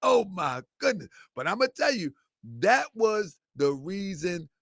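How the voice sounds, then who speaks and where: A man's voice: high voice, unhurried, vocal fry, no echo, studio quality. A middle-aged man hosting a show, talking in casual, rambling commentary that keeps circling back and repeating itself. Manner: animated, rambling, repeats himself, bursts of laughter. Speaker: show host.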